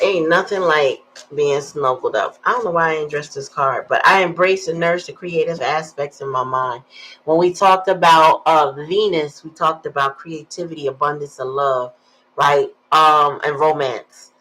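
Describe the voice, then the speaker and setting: Husky, chatty woman reading tarot. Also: low voice, moderate pace, fairly bright tone, rough recording. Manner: chatty, slangy storytelling with sighs. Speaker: tarot reader. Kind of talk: casual tarot reading vlog.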